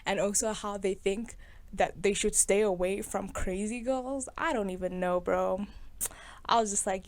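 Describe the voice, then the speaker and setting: A young woman hosting a film review in casual, sarcastic commentary, chatty and quick to laugh. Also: medium pitch, steady tone. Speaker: video host reviewing a film.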